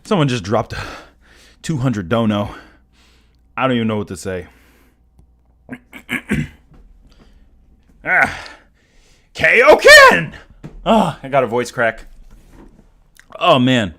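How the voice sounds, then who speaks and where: Excitable stammering young man streamer. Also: mid-range voice, takes it slowly, long pauses. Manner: excitable, stammering, swings between shouts and mumbles. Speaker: livestream host. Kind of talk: casual live stream chat.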